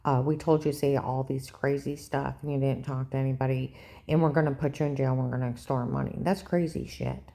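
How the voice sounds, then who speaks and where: Older woman vlogger, low mellow voice, agitated and repetitive monologue. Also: fairly even intonation, fairly quick, vocal fry. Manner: agitated, repetitive, keeps asking "okay?". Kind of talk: rambling personal monologue.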